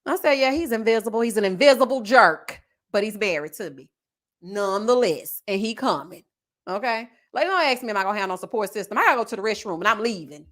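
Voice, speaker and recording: A woman's voice: a little high, lively intonation, a little fast, a bit bright. Sassy woman telling a story. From Houston, Texas. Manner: sassy, dramatic, acts out quoted voices. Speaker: commentary channel host. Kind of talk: storytelling chat.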